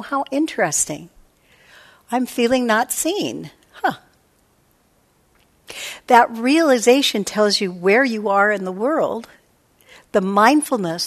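A woman meditation teacher giving a reflective dharma talk, often voicing her own inner thoughts. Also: mid-range voice. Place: meditation hall.

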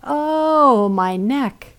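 A woman's voice: medium pitch, expressive, moderate pace, close to an everyday voice. A woman voicing a grieving underworld queen who moans theatrical laments. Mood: wailing.

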